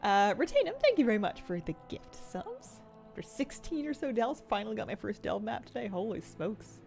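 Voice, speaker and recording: A woman's voice: mid-range voice, sing-song, moderate pace, vocal fry, darkish tone, soft background music. A woman streamer chatting casually while she plays, rambling and thinking aloud with easy laughs. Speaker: game streamer. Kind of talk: casual live-stream chat while gaming.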